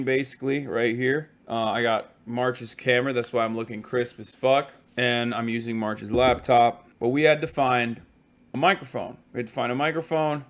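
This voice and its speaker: A man livestreaming from a hotel room, telling stories in a casual, profane, animated way. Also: medium pitch. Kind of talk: casual stream chat.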